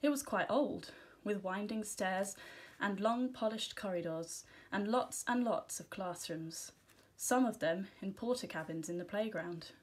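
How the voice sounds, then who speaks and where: A woman teacher reads a children's storybook aloud. Her first-person narration is gentle and expressive, and her voice sits at an ordinary middle pitch. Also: unhurried, hardly any pauses, slightly rough. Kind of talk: storybook reading.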